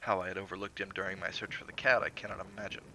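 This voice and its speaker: A man giving a measured, theatrical reading of a classic horror story aloud, with occasional stumbles. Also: low-pitched, flat delivery, pushed and bright, slight background noise, rough recording.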